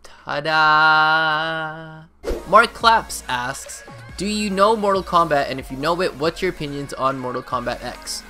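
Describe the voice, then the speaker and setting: A man's voice: fairly high pitch, normal speed, sharp tone, faint music behind. A young man from Canada answering viewer questions in a casual, rambling chat, full of fillers and restarts.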